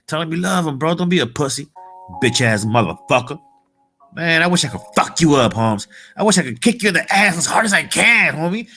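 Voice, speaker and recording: A man's voice: a little high, bright, forceful tone. A man giving a profane, heated motivational rant in street slang. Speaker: motivational vlogger.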